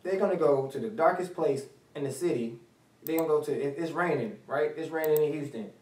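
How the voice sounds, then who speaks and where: A man's voice: on the high side, a little fast, darkish tone, recorded from a distance. Guy rambling on talk radio, says stuff over n over, roomy sound. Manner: rambling, repeats phrases. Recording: roomy studio sound from off mic.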